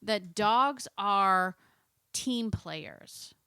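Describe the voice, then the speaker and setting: A woman hosting a dog-training show, talking with animated, coaxing enthusiasm and acting out little imagined dialogues. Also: medium pitch, very slow, clean tone, no echo, clean studio sound. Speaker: dog trainer podcast host. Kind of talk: enthusiastic solo talk.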